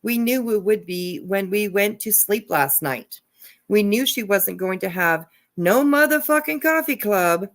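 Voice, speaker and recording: Woman, gravelly, online drama commentator, casual read-through of court papers, profane asides. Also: mid-range voice, expressive, measured pace. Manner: profane, laughing asides between read passages.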